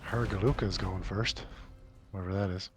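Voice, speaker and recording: A man's voice: low-pitched, steady tone, normal speed, noisy background. A man playing a tabletop game, planning tactics in a laid-back, dry way. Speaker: player. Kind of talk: casual tabletop game chat.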